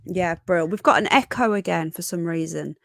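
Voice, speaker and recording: A woman's voice: lowish voice, normal speed, vocal fry, no room sound. Chatty woman hosting a live stream. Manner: chatty, affectionate, greets viewers one by one. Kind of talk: casual live stream chat.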